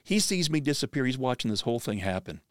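A man's voice: medium pitch, sing-song, quick pace, no echo, studio quality. A middle-aged man hosting a podcast, telling a personal story in an earnest, vivid way that often restarts sentences.

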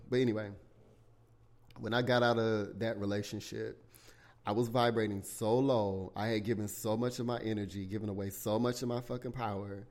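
Young man, lowish voice, loose profane storytelling, animated, podcast host. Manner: candid, profane, animated retelling with bursts of shouting. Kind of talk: casual storytelling monologue.

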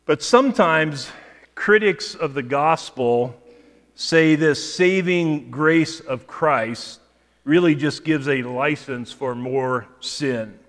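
A pastor preaching a sermon in a measured way, often repeating words as he restarts a phrase. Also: a little high, a bit bright, in a large hall. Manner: measured preaching with frequent word repetitions and restarts. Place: church sanctuary.

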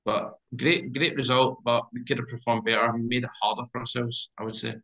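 Scottish man, podcast guest, bright tense voice, animated storyteller, dull lo-fi recording. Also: mid-range voice, fairly quick. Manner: animated storyteller, acts out scenes. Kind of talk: casual football chat. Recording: dull lo-fi sound.

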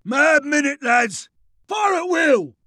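A man voicing a gruff British army sergeant who shouts and swears as he bellows orders. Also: very high-pitched, sing-song, slow, dry recording, studio quality, voice pushed up, heavily acted. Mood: bellowing.

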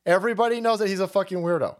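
A man's voice: high-pitched, racing. A man hosting a livestream, ranting in a foul-mouthed, mocking way. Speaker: livestream host. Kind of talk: profane political rant.

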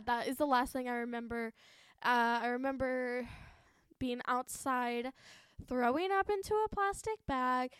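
A woman's voice: a little high, a bit bright, smooth, no room sound, studio quality. A woman in her twenties hosting a podcast, telling a story in a chatty, profane way and laughing often. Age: 20s. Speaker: podcast host. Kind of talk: casual storytelling.

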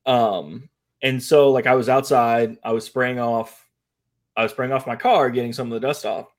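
A young man from the American Midwest chatting casually on a podcast. He tells stories with animation and jumps his voice high when he quotes people. His pitch sits in the middle of the male range. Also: steady tone, moderate pace. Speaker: podcast co-host. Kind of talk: casual chat.

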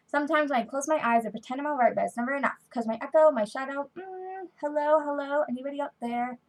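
A woman's voice: sits high, fast talker, pitched above the performer's own voice, poor audio. A woman voicing a weepy, lovesick male chipmunk, half-reading and half-singing lines in her own everyday voice. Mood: sad song. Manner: half-reading, half-singing song lyrics aloud.

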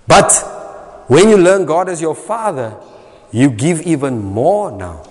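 A man with a South African accent preaching a sermon, emphatic and repetitive, his voice swinging between loud and soft. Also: fairly high pitch, sing-song, takes it slowly. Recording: long reverb of a hall.

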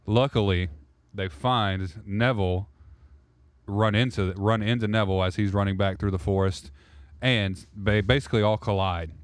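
A man's voice: on the low side, steady tone, normal speed, clear, resonant tone, dry recording. A man narrating a role-play podcast as game master, loose and rambling, correcting himself as he goes.

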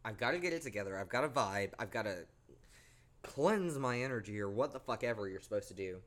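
The young man speaks fairly quickly in a lowish voice. Hosting his podcast, he recounts a creepy personal experience casually, animatedly and with plenty of cursing.

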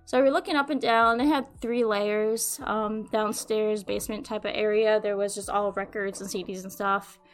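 A young adult woman hosting a podcast, telling a rambling, animated story in casual chat and swearing freely. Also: mid-range voice, moderate pace, few pauses, soft background music. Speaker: podcast host.

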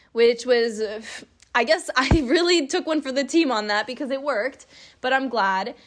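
Young woman, candid and emotional, slightly high voice, vlog confession style. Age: young adult. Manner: candid, emotional, laughs while telling. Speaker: vlogger. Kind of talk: personal storytime.

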